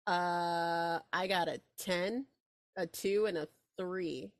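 A woman's voice: fairly low pitch, fairly even intonation, slow, dry recording, studio quality. A woman playing a tabletop game, talking hesitantly with lots of ums and likes, and giggling now and then. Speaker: player. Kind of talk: casual tabletop game play.

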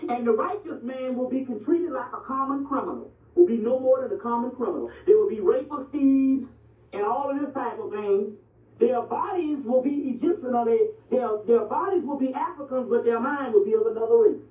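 A man's voice: extremely high pitch, normal speed. A man gives a blunt, profane lecture, often stopping to ask whether listeners follow him. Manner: blunt and profane, repeatedly asks "you see what I'm saying". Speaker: lecturer on ancient Egyptian history and religion. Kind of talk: animated street-talk lecture. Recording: distant, echoey, phone-like lo-fi recording.

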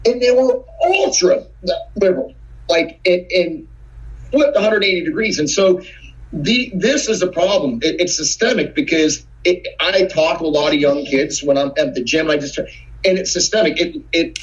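An indignant male podcast guest lecturing at length. His voice is a little high and comes through dull and lo-fi, with the top end muffled. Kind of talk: opinionated podcast talk.

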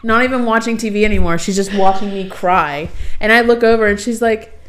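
A young woman co-hosts a casual podcast and rants about her week. She swears freely and laughs often, and her voice sits at a middle pitch for a woman. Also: fairly quick, a bit bright, a little hiss or hum. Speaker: podcast co-host. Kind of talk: casual chat.

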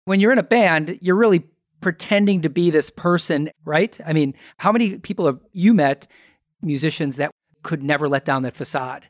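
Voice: mid-range voice, normal speed, no room sound, studio quality. A co-host of an interview show, reflecting conversationally on the guest's story. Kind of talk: casual interview chat.

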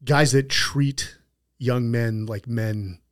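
A man's voice: mid-range voice, steady tone, slow pace, smooth. A middle-aged man hosting an interview in casual chat, telling stories and acting out quotes, with an easygoing mouth that swears now and then. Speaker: podcast host.

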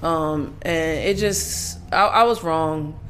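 A woman's voice: deep voice, slow, fairly bright tone, slight background noise. A woman guest talking candidly and profanely in a casual chat, often laughing.

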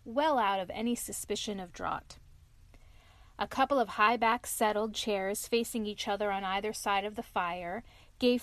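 A mother hosting a show and reading a bedtime story aloud in a calm, steady way. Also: medium pitch, no room sound.

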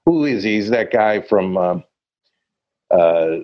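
A man's voice: lowish voice, animated, slow, dull audio. A man chatting casually as a podcast co-host, rambling and searching for words with many fillers. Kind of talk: casual chat.

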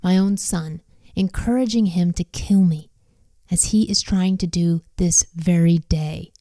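Suspicious, accusing older king; woman reader, low mellow tone, dry sound. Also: measured pace. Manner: accusing, demanding questions.

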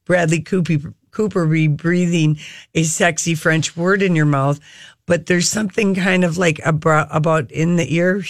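A tired woman co-hosting a podcast, chatty and quick to laugh in casual talk. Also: lowish voice, fairly even intonation, no room sound, studio quality. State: tired, short on sleep. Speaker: podcast co-host. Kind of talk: casual chat.

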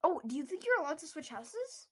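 A woman's voice: sits high, big pitch swings, brisk. Woman co-host with short quips. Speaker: podcast co-host. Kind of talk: casual chat.

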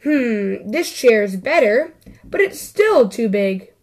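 A woman's voice: fairly high pitch, lively intonation, takes it slowly, a little mellow, exaggerated voice. A woman voicing a curious, fussy little girl who exclaims as she tries things out.

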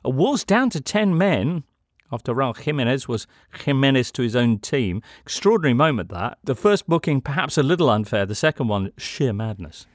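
A man's voice: medium pitch, sing-song, moderate pace, no echo, clean studio sound. A man hosting a football podcast, steering the chat with wry, theatrical phrasing. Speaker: podcast host.

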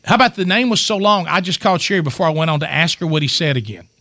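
A man's voice: fairly high pitch, racing, dry recording. A middle-aged man, hosting a radio show and telling a long family story with lots of restarts. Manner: animated storyteller, many restarts. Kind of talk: storytelling casual chat.

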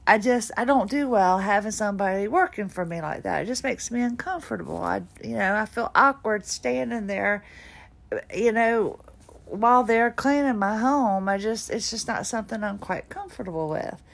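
A middle-aged woman hosts a podcast, chatting casually about her day in a personal monologue. Her voice is medium-pitched and creaky, moving at a moderate pace. She sounds tired and a little drowsy, rambling along with small self-deprecating laughs.

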